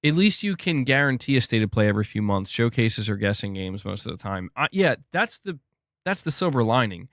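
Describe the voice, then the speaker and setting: A young man hosts a casual gaming live stream, thinking out loud and restarting his sentences as he reacts to viewer comments. His voice sits at a middling pitch. The close mic sounds dry, with no room echo. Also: big pitch swings, fairly quick. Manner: rambling, many "like" fillers and restarts.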